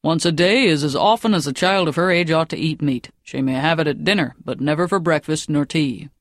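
A woman's voice: low-pitched, a little fast, dry recording, studio quality. A woman reading a storybook and voicing a strict, decisive father. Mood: stern. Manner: firm, decided.

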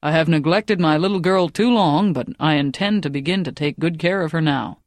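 A woman's voice: sits low, fairly quick, no room sound, clean studio sound, natural voice. Woman reading a stern, decisive father. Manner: firm, decided.

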